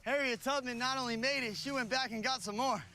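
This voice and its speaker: A young man vlogging with friends in casual, excitable chat, often shouting and laughing, recorded outdoors and in a vehicle. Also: very high-pitched, a little fast. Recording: loud background noise.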